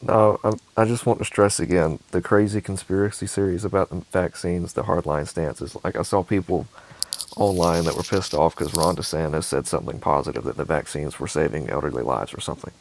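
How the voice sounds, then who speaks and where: A man co-hosting a podcast, talking casually and agreeably, pausing with fillers. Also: low-pitched, steady tone, creaky, a little hiss or hum. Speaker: podcast co-host. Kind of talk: casual political chat.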